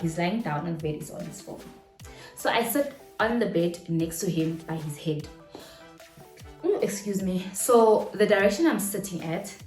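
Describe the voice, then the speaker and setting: A young woman with a South African accent, telling a dramatic personal story to camera in a casual, animated way and laughing often. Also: fairly low pitch, roomy sound. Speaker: storytime vlogger.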